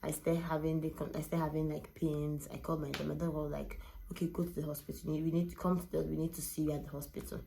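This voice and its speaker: Young woman, low pitched, a bit of fry, emotional first-person storytelling. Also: little pitch movement, fast talker, hardly any pauses, dark tone, a little hiss or hum. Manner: candid, emotional, retelling with quoted dialogue. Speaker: vlogger.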